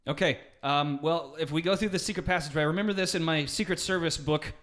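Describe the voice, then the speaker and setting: A man hosting a comedy show who joins in a goofy, energetic improvised sketch with his guests. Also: on the high side, quick pace. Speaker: host. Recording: noisy recording.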